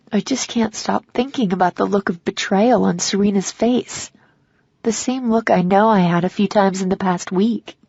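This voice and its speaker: A woman narrating a first-person romance audiobook in a measured, reflective way. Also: mid-range voice, gravelly, darkish tone, husky, no room sound, dull audio.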